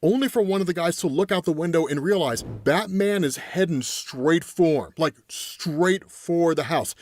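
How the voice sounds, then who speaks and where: A man recapping a comic book in a loose, chatty way, his fairly high voice leaping up and down with excitement. He keeps tossing in "right?" and "man" as he goes. The sound is close and dry, with no room around it. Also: no room sound. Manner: retells scenes by quoting characters in his own voice. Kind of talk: casual storytelling recap.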